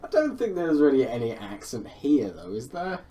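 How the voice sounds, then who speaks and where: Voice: medium pitch, wildly swooping pitch, normal speed, mellow. A speaker chatting casually, rambling and trailing off while helping a friend record. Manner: giggly, rambling, trails off mid-sentence. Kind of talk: casual chat.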